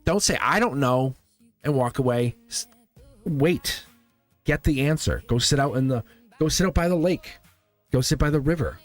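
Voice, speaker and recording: A man's voice: medium pitch, lively intonation, normal speed, pauses often, faint music behind. Rambling, encouraging man reading tarot live. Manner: loose, rambling, encouraging, often checking in with "right?". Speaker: tarot reader and channel host.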